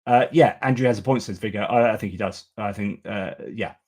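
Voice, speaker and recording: A man's voice: fairly low pitch, brisk, a little mellow. A man hosting a live news stream, talking casually and with strong opinions, with many fillers and restarts.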